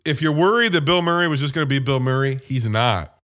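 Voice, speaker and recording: A man chatting casually about a movie, animated and profane, retelling scenes as he goes. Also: mid-range voice, fast talker. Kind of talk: casual movie review chat.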